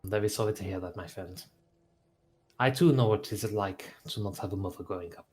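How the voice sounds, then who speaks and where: A man voicing a courteous, soft-spoken gentleman in a tabletop game. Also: fairly low pitch, brisk, faint music behind, close to an everyday voice. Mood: soothing. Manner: polite, hushed, gentle.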